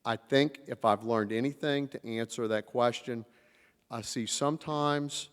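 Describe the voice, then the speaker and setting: A man telling lively stories to a convention audience, acting out the voices of the people in them. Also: medium pitch, a little slow, clean tone. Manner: animated storyteller, acts out quotes, drawls "y'all". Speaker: convention panel speaker. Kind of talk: storytelling talk to a live audience. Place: large convention hall. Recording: reverberant convention hall.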